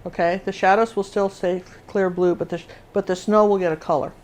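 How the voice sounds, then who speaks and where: A woman's voice: medium pitch, steady tone, brisk, darkish tone. An older woman teaching a live acrylic painting lesson, chatting as she works and often restarting her sentences. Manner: chatty, talks while working, restarts often. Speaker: painting instructor.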